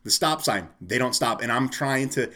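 A man with an ordinary mid-range voice rants through an angry story. He swears a lot and stays animated as he chats with a friend. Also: mid-range voice, normal speed. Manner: profane, animated ranting. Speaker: storyteller in a casual chat. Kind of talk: casual chat.

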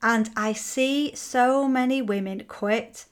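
A woman's voice: a little high, takes it slowly. A woman hosting a motivational podcast, talking frankly and energetically and acting out listeners' complaints. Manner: frank and energetic, acts out quoted complaints, swears casually. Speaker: podcast host and coach.

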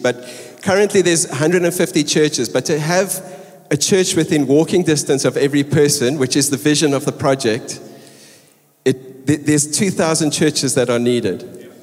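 Earnest man addressing a church hall. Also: a little high. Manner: earnest, encouraging, with halting restarts. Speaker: church leader addressing the congregation. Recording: reverberant hall.

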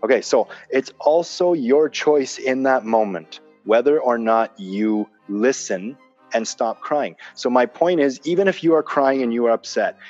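A man's voice: mid-range voice, darkish tone. A man in casual conversation, making his points with emphasis, repeating them and explaining with examples. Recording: dull lo-fi sound with faint music.

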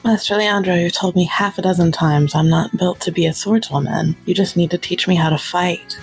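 A woman's voice: fairly low pitch, moderate pace, faint music behind, lightly acted. Woman playing headstrong young fencing pupil, earnest, talking back, tabletop game.

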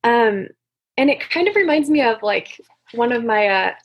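Eager, husky-voiced woman chatting. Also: on the high side, animated, moderate pace, lo-fi sound. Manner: eager, chatty, many fillers. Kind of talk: casual chat.

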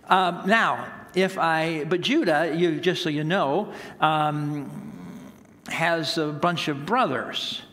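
A man's voice: high voice, fairly bright tone. A man around sixty, a pastor preaching a sermon, telling a story with laughter. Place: church sanctuary. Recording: long hall reverb.

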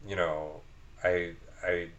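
Deep-voiced man in casual chat. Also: little pitch movement, slow, fairly bright tone, highs cut off, a little hiss or hum. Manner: earnest, filler-heavy, frequent restarts. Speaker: podcast guest.

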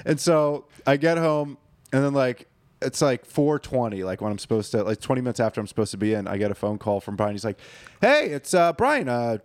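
A man's voice: medium pitch, brisk, a little mellow, dry recording. Profane young man telling a story. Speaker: podcast co-host. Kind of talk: casual storytelling chat.

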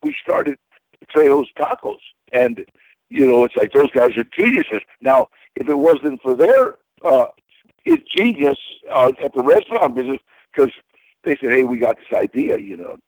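A man's voice: medium pitch, sing-song, measured pace, darkish tone, dry recording, low-quality recording. A man guest in an interview, telling casual stories in a rambling way, with many repeated words and fillers.

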